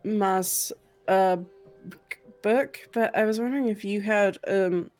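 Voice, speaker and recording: A woman's voice: mid-range voice, slow pace, darkish tone, soft background music. Hesitant, stammering woman player. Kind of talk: in-character tabletop role-play.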